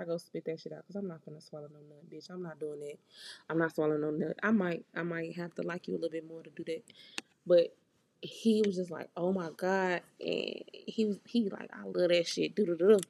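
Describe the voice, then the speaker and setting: A woman's voice: on the low side, fairly even intonation, normal speed, vocal fry, a little mellow, slight background noise. A young woman hosting a podcast, telling a story in a blunt, profane, candid way and acting out the quoted dialogue. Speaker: podcast host. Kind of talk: casual storytelling monologue.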